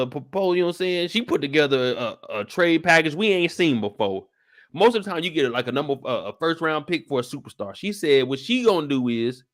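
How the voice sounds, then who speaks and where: A man casually rambling through a live episode recap in slangy, everyday speech. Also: mid-range voice. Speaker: streamer and show recapper.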